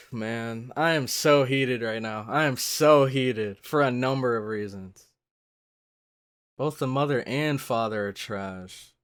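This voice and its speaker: A reaction channel host giving casual live commentary on an anime, with excitable gasps and exclamatory outbursts. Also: medium pitch, slow pace, clear, resonant tone.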